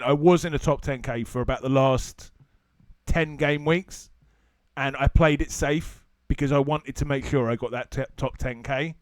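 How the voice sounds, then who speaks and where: Podcast host in a dry room. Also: male voice, medium pitch, fairly bright tone, no room sound. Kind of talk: casual interview chat.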